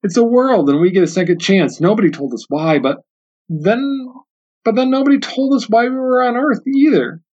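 A tart, unbothered old grandmother speaks slowly in a raised voice, as a man reads her aloud. She sounds pert and sure of herself. The recording is dull and lo-fi. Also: sits high, expressive, darkish tone, pitched above the performer's own voice. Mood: serene.

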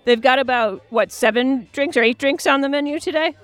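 A man's voice: very high voice, a little fast, fairly bright tone, clean tone, no echo. Man, podcast co-host, easygoing teasing talk, casual bar chat. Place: busy tiki bar.

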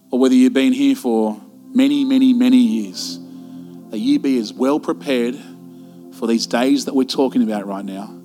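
Man, pastor, impassioned sermon, rhetorical questions, mid pitch, music behind. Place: church service.

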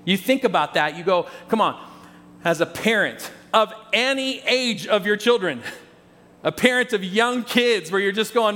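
A man preaches to his congregation in a high, light voice that rings out with a long reverb through a big church space. His delivery is loose and conversational. He restarts phrases and talks straight to the people in front of him. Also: expressive, moderate pace, pushed and bright. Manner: conversational, repeats words, addresses the congregation directly. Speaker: pastor. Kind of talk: sermon.

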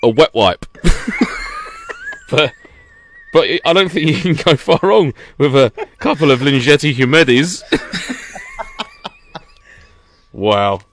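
A man's voice: a little high, huge pitch swings, slow, pauses often, a bit bright, slight background noise. A man co-hosting a podcast, ranting with laughter in a casual chat. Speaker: podcast co-host.

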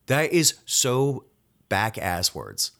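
Male nurse hosting a solo podcast rant: angry, cocky, sweary, talks in rapid bursts. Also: medium pitch, wildly swooping pitch, creaky, fairly bright tone. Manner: angry, profane, rapid-fire venting.

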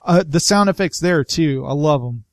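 A man's voice: a little high, animated, normal speed, very noisy. A man hosting a casual movie chat, enthusiastic, laughing often and acting out lines. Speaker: podcast host.

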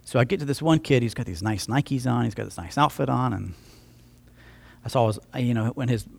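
A man's voice: mid-range voice, a little fast, creaky. A man pastor preaching a conversational sermon, telling a story and acting out both sides of the dialogue, often restarting with repeated words.

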